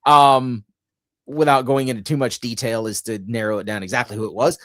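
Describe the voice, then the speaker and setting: A man's voice: mid-range voice, steady tone, a bit bright, no echo, clean studio sound. A man co-hosting a podcast, telling stories and reading out lists at an easy pace in casual chat. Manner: laid-back storyteller, reads lists slowly. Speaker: podcast co-host.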